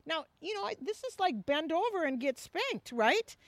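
A woman who leads a missions ministry, telling a personal testimony in an animated way and acting out the dialogue. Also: very high voice, normal speed, no echo.

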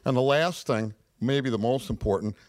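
A man, a father, sharing in a church group in an easygoing, slightly halting way. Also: medium pitch, noisy background. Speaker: group member.

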